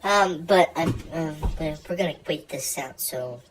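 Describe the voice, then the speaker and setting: A woman's voice: sits low, a little slow, very noisy. A woman hosting a casual comedic cooking video, rambling, joking and stumbling over her words. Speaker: cooking show host.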